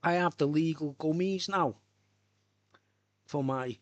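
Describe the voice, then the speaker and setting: A middle-aged livestreamer rambles casually from home, chatty, swearing, and laughing often. His voice sits on the high side and he takes it slowly; the lo-fi audio has no room sound.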